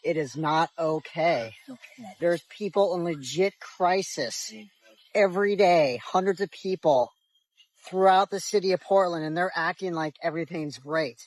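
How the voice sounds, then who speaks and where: A man's voice: fairly high pitch, a little slow, dry recording, poor audio. A man delivering earnest, indignant commentary while filming on the streets. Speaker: street video creator. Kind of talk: filmed commentary.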